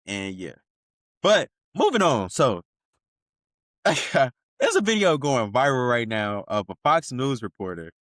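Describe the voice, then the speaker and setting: Male podcast host, animated swings in pitch, loose profane banter, dry close sound. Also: takes it slowly, dry recording. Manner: profane slang-heavy banter, laughs often. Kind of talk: casual commentary.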